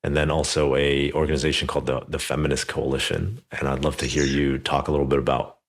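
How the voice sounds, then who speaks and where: Speaking quickly in a flat bass voice, a podcast host in his thirties recounts a story during a relaxed conversational interview. His chatty delivery is full of filler words.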